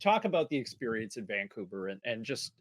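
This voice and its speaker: A man's voice: fairly low pitch, very animated, fairly quick, no echo. A man co-hosting a podcast, asking loose, rambling questions in casual chat. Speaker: podcast co-host.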